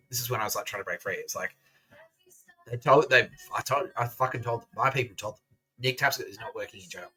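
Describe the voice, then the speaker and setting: A man's voice: mid-range voice, bright, forceful tone, slightly rough, rough recording. A man hosting a podcast, ranting casually with lots of swearing and sarcastic laughter. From Australia. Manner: profane, sarcastic, laughs through his words. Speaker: podcast host.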